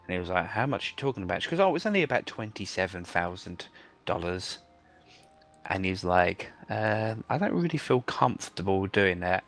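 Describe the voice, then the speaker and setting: Low-voiced man rambling a story. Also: big pitch swings, normal speed, a bit bright. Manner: rambling anecdote, many fillers and restarts. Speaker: gamer telling a story. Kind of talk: casual chat over gameplay.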